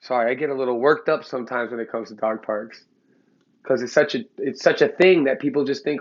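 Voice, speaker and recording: A man's voice: mid-range voice, fairly quick, lo-fi sound. A man who trains dogs, lecturing bluntly to the camera in a heated, profane way. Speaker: dog trainer. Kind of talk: blunt opinionated talk to camera. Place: Los Angeles.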